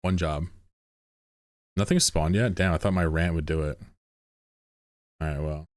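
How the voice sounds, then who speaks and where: A man's voice: extremely low pitch, fairly even intonation, unhurried, dry recording, clean studio sound. A man streaming a game, chatting casually with his viewers in a sarcastic, mock-indignant ranting manner. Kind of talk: casual livestream banter with chat.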